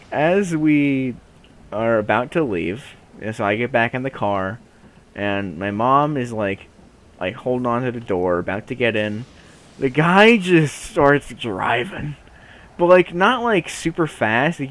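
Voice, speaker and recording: A young man casually telling a funny story on a podcast, in an animated way with lots of laughing and fillers. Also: medium pitch, measured pace. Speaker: podcast co-host.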